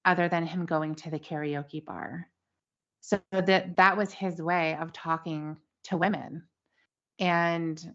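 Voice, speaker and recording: A woman's voice: lowish voice, a bit bright. A woman co-hosting a casual podcast, thoughtfully speculating with many fillers. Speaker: podcast co-host. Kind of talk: casual chat. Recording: dull lo-fi sound.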